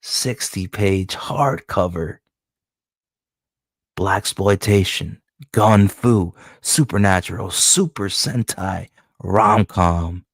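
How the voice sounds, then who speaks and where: A man, a comic book creator, casually walking through his own comic in loose, profane, excitable commentary. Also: deep voice, slow pace, no echo, clean studio sound.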